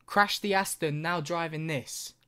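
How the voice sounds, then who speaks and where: A man's voice: fairly high pitch, measured pace, a bit bright, clear, resonant tone. A young man ranting through a reaction video, swearing constantly and mocking what he sees.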